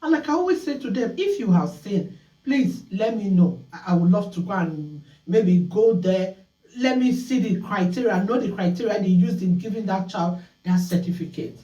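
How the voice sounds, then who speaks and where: A woman hosting a call-in talk show, telling stories in an animated way and acting out scolding voices. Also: medium pitch, moderate pace, roomy sound, far from the mic, dull audio.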